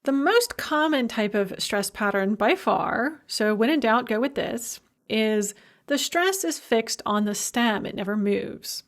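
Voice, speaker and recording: A woman giving a recorded university language lecture, explaining in a chatty, informal way with quick asides. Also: a little high, lively intonation. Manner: slow, stressed demonstration of spoken forms.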